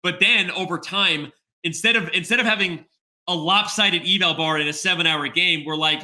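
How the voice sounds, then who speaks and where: Man, middle-aged, podcast guest, casual chat, thinking aloud, very bright tense tone. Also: a little high, fast. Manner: thinks aloud, tags points with "right?". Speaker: podcast guest, chess executive.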